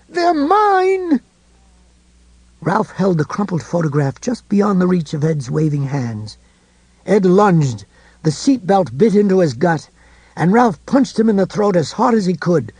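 A man reading a novel aloud, his voice pitched fairly high with a strong gravelly fry and a husky edge. The sound is close and dry, with no room around it. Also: dark tone, no echo. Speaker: audiobook narrator. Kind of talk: scripted narration of a novel.

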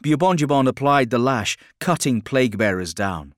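A man narrating an audiobook in a measured, dramatic storytelling manner. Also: medium pitch, lively intonation, dry recording, studio quality.

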